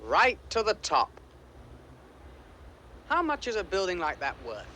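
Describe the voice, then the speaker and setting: A man's voice: high voice, huge pitch swings, unhurried, bright, forceful tone, a little hiss or hum, full character voice. An actor playing an ambitious young man eager to get rich, in film dialogue.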